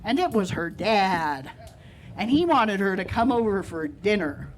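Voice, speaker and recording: Deadpan stand-up man, higher voice. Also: measured pace, a little hiss or hum, rough recording. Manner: deadpan, self-deprecating storytelling. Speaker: stand-up comedian. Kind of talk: stand-up comedy set. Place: live comedy venue.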